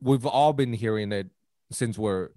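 Animated young man. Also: a little slow, no echo, studio quality. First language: Mandarin. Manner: animated, profane, jokey, rises sharply in pitch when worked up. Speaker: podcast co-host. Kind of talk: casual podcast chat.

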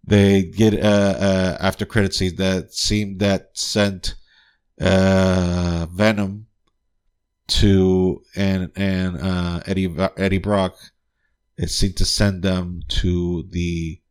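A man's voice: deep voice, little pitch movement, slow, darkish tone, smooth. A man hosting a podcast, giving a casual, profane spoiler-filled movie review and repeatedly asking "guess what?". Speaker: podcast host.

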